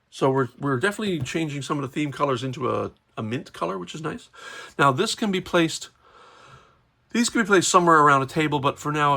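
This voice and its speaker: Gravelly, bright-voiced man chatting. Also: fairly high pitch. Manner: chatty, rambling, self-correcting. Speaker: toy reviewer. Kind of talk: casual unboxing commentary.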